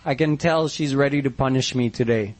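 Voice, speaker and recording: A man's voice: mid-range voice, brisk, a little mellow, natural voice. A man voicing a small, mischievous boy god who fears punishment and begs tearfully. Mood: worried. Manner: pleading, tearful wailing.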